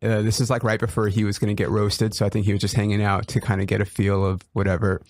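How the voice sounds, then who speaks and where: A young man hosting a casual podcast, a comedian telling animated stories and acting out quotes with laughter. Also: on the low side, fast, no room sound, studio quality. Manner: animated storytelling, acts out quotes, laughs often. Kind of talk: casual chat.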